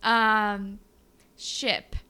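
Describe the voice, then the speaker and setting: A young woman co-hosting a podcast, recapping an episode in animated casual chat and acting out characters' lines. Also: mid-range voice, clear, resonant tone. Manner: animated, acts out characters' lines in quick voices. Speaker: podcast co-host.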